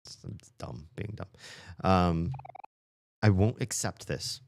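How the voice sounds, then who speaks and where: A man's voice: deep voice, takes it slowly, gravelly, long pauses, a little mellow, slight background noise. A man streaming a story game, chatting casually and playfully as he comments and often laughs.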